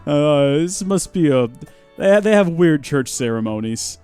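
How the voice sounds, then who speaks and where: A man's voice: fairly high pitch, lively intonation, unhurried, a little mellow, clear, resonant tone, soft background music. A man hosting a live game stream, with goofy, rambling and chatty commentary.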